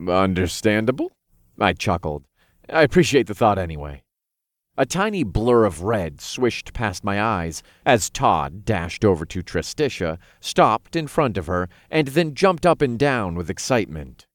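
Lively, deep-voiced male narrator. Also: a little slow, hardly any pauses, no room sound, clean studio sound. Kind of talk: audiobook narration.

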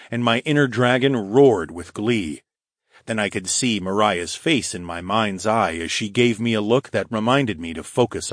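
A man narrating a first-person fantasy audiobook in a steady, even storytelling manner. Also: fairly low pitch, dry recording, clean studio sound.

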